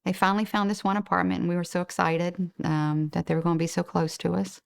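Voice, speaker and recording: Grieving mother with a gravelly low voice. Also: level tone, fast. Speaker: interviewee, victim's mother. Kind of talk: interview testimony.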